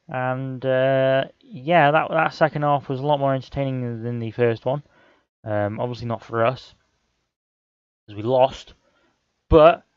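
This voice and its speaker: A man's voice: medium pitch, clean tone, dry recording, lo-fi sound. A young man commentating on a football management game, often frustrated and exclaiming at the action. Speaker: gaming channel host.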